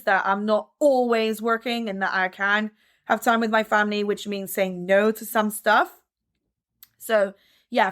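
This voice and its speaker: A woman in her thirties speaks as an interview guest, in a chatty and upbeat manner. Her voice sits a little high. She often falls back on "like" as she talks. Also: fairly bright tone. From France and the United States. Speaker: guest, dancer and teacher. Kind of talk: relaxed interview conversation.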